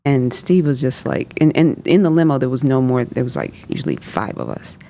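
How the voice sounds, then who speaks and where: Woman in her 50s on a podcast, gravelly low-key voice, telling a long story with lots of um and like. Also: big pitch swings, brisk, mellow. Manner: recounts events with reported dialogue and frequent fillers. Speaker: podcast guest. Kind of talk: personal storytelling in conversation.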